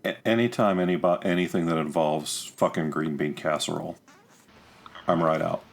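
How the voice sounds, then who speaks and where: A man's voice: low-pitched, fairly even intonation, normal speed, creaky. A man with a Carolina accent chatting bluntly on a podcast, swearing heavily. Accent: Carolinas, Southern US. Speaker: podcast co-host. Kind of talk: casual chat.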